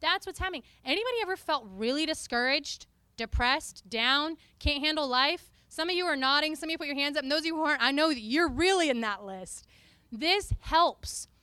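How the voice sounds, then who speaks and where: A woman preacher giving a lively, playful teaching talk to a congregation, often breaking into sung and spoken snippets. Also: high-pitched, a little fast, dry recording.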